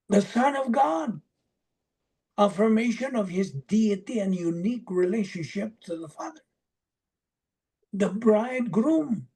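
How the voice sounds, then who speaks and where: Slow, husky Bible study teacher. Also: mid-range voice, warm tone. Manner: asks and answers own questions, lists verse references. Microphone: video call.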